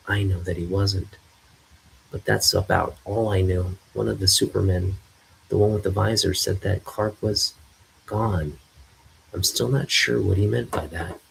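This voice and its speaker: A man voicing a worried young woman reporter, soft and pondering, reading a comic aloud. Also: low voice, gravelly, a little hiss or hum, exaggerated voice, low-quality recording.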